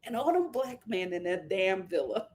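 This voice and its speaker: A young woman hosting a live reality show recap, talking in a sassy, slangy, animated way. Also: medium pitch, normal speed. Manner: animated, sassy and slangy, jumps into mimicking the cast. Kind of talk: live casual recap commentary.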